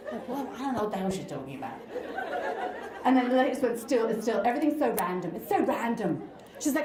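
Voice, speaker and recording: A woman in her forties performing a stand-up comedy set, animated and mocking slang in exaggerated voices. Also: fairly high pitch, fast talker. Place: comedy night in a live venue with audience. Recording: echoey room, loud crowd laughter and noise.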